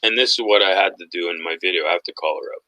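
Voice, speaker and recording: Man, podcast host, low bright voice, mocking, animated, laughs often. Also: very fast, no echo, poor audio. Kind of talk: casual conspiracy talk chat.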